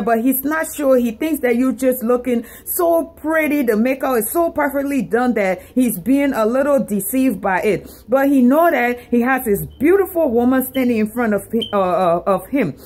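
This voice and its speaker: A woman's voice: sits high, lively intonation, normal speed, few pauses, a little mellow. A woman giving sassy, theatrical comic advice in a dramatic monologue. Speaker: comedic advice vlogger.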